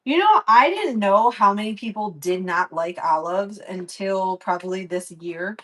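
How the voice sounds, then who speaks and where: A young woman chatting casually as she cooks in her home kitchen, swearing freely and telling stories in a lively way. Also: mid-range voice, unhurried, rough recording. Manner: chatty, profane, animated storytelling. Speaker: vlogger. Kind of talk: casual cooking vlog chat.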